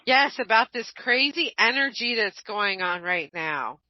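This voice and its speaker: A woman hosting an online radio show in casual chat, blunt and animated, swearing freely. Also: fairly high pitch, measured pace, no echo. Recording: dull lo-fi online radio, dry.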